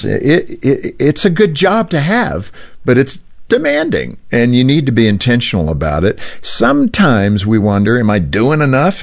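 Male talk-show host with a lively, up-and-down voice and a chatty manner that wanders into asides. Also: mid-range voice, creaky. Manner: animated, conversational, with asides. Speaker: radio host.

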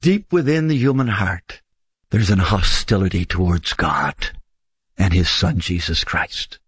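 A man preaching a sermon in an emphatic style, lifting his voice for stress and slowing down on key phrases. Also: fairly bright tone, slightly rough, dry recording. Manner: emphatic, swings pitch widely for stress, slows on key phrases.

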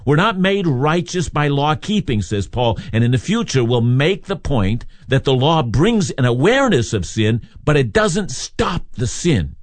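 A man's voice: medium pitch, dry recording. A man giving an earnest, emphatic sermon that reads and explains a Bible passage verse by verse. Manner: earnest, emphatic expository preaching. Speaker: radio Bible teacher.

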